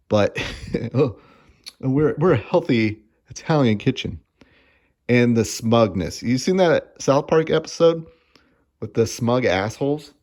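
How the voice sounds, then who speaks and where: A man in his thirties giving a casual, sarcastic and profane food review, laughing often as he rants. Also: lowish voice. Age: 30s.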